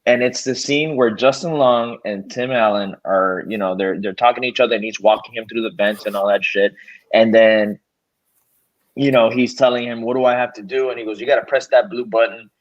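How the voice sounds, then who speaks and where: Male co-host, lively casual storyteller, muffled lo-fi sound. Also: mid-range voice, brisk. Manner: animated storyteller, swears freely. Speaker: podcast co-host. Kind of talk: casual chat. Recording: slightly dull lo-fi audio.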